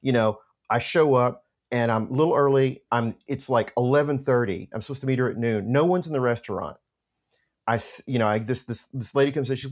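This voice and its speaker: A middle-aged man telling an anecdote in casual conversation, animated and full of restarts. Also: mid-range voice, brisk. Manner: animated storyteller, many restarts. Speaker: podcast co-host telling a story.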